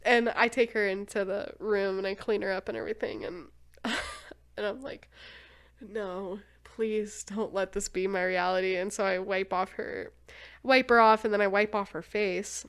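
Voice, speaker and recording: A woman's voice: medium pitch, steady tone, measured pace, a bit bright. A young woman hosting a podcast, telling a story in casual chat, laughing often. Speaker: podcast host.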